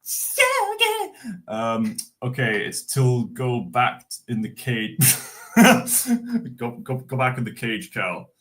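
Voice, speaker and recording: A Scottish man hosts a livestream, chatting casually in a jokey, giggly, rambling way full of fillers. His voice sits at medium pitch with a fairly bright tone, and he speaks slowly with lively intonation.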